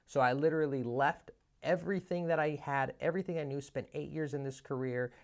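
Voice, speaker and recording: A man in his thirties, a business coach, telling a story in a casual, animated monologue, often restarting his sentences and acting out the dialogue. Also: a little high, fairly quick. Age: 30s.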